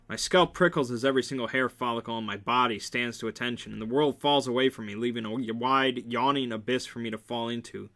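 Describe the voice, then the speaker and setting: A man's voice: medium pitch, fairly quick, few pauses, fairly bright tone. A man reading a romance novel aloud in a casual amateur way, with small slips and restarts. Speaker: reader.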